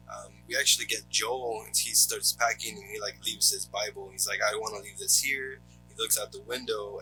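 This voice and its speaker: A man co-hosting a podcast, recapping a movie scene by scene in casual chat, often pausing on "um" and "uh". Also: on the low side, rough recording. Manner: steady recap, frequent ums and uhs. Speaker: podcast co-host.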